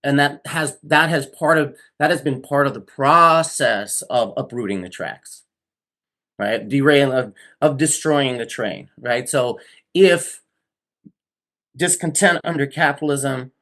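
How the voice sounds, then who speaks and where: A man's voice: mid-range voice, a bit bright. A man co-hosting a podcast, thinking aloud in a casual political discussion, stringing loose clauses together and ending with questions.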